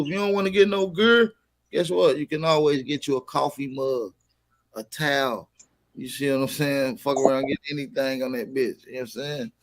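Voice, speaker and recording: Slangy man hosting a casual livestream. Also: medium pitch. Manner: slangy, reads out and greets chat viewers; plugs merch with repeated calls to shop. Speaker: livestream host.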